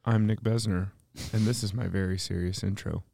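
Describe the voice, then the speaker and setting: A man co-hosting a podcast, joking in a deadpan way in casual banter. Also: sits low, normal speed, gravelly. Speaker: podcast co-host.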